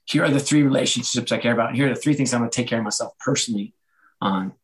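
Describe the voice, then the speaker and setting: Man, middle-aged, interview guest, animated storyteller, acts out dialogue, mid pitch. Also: rapid-fire. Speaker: podcast guest, author and former sports executive. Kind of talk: casual interview chat.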